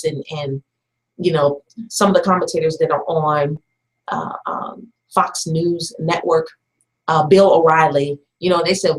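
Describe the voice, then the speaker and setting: A woman's voice: low voice, unhurried, rough recording. Woman hosting a call-in radio show. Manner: conversational storytelling with frequent hesitations; pointed, emphatic asides. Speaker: radio talk show host.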